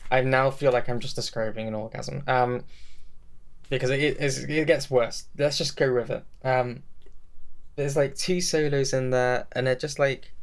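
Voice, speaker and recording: A young man with a gravelly edge to his voice and a middle pitch chats casually on a podcast. He rambles enthusiastically and pokes fun at himself as he goes. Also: fairly even intonation, unhurried. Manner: rambling, enthusiastic, self-mocking. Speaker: podcast co-host.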